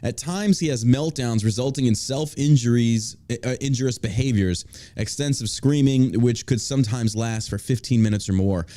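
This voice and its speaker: A man's voice: mid-range voice, normal speed, dark tone. Brash, profane man hosting a podcast. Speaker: podcast host. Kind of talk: casual podcast banter.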